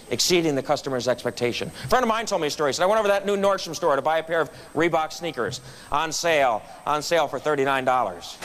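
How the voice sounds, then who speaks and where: A man giving a storytelling speech at a club meeting, acting out the voices of people in his anecdotes. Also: a little high. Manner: animated storyteller acting out quotes. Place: meeting room.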